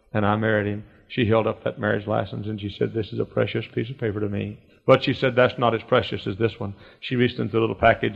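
A male preacher tells folksy stories in a sermon, rising into loud, high, drawn-out exclamations. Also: vocal fry. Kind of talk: storytelling sermon. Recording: muffled lo-fi recording in a reverberant hall.

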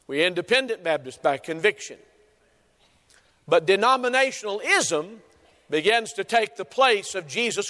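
High-voiced preacher in a reverberant hall. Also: male voice, a bit bright. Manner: emphatic preaching with repeated phrases and drawn-out stresses. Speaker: pastor. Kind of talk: sermon.

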